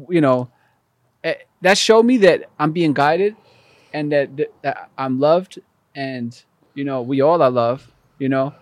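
Man, higher voice, animated storytelling, podcast guest, dry sound. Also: no echo. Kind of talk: conversational storytelling.

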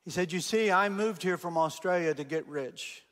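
A man doing a gruff Australian man. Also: sits high, normal speed, a bit bright, in a large hall. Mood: tearful. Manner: blunt, cussing. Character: gruff Australian man, hostile then broken.

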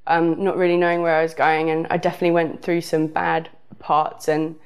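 A woman's voice: low-pitched, flat delivery, fairly quick, clean tone. A woman with a southern English accent telling a casual personal story, rambling with frequent fillers. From southern England.

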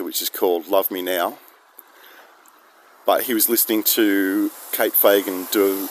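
A man's voice: lowish voice, a little hiss or hum. An Australian man telling a rambling, self-deprecating story outdoors, recorded on a phone. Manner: chatty, self-deprecating, digressive. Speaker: vlogger. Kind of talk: rambling casual monologue. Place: outdoors in misty rain.

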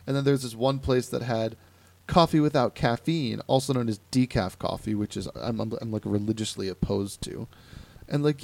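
A man's voice: mid-range voice, normal speed, vocal fry, dry recording. A young man from Ohio hosting a podcast, telling stories in a casual chat and acting out the people he quotes. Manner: animated storytelling with quoted voices. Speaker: podcast host.

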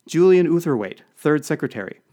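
A man's voice: a little high, expressive, brisk, warm tone, voice pushed up. A man reading the part of a bored, pointed Belgian police lieutenant who is questioning a diplomat.

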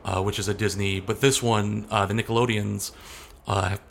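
Low, gravelly-voiced man. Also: little pitch movement, normal speed, a bit bright, a little hiss or hum. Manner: rambling, hesitant, often restarting sentences. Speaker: guest. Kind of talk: casual interview talk.

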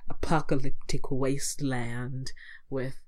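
A young woman with a low voice tells a film's story in casual chat. She is animated and jumps into each character's lines as she goes. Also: slow. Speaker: co-host. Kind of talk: casual movie recap.

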